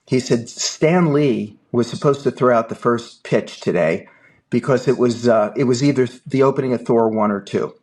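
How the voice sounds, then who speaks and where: An older man, a film producer guest, telling a long anecdote in an animated way and acting out the dialogue. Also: medium pitch, normal speed. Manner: lively anecdotal storyteller, acts out dialogue. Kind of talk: animated storytelling.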